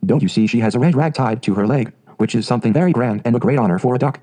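A man's voice: medium pitch, rapid-fire, dark tone, lightly acted. A man doing a fussy proud mother duck. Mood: instructive. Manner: fretful, prim, motherly.

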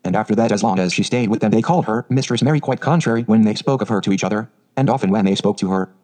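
Mellow male storybook narrator. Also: on the low side, racing, low-quality recording. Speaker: audiobook narrator.

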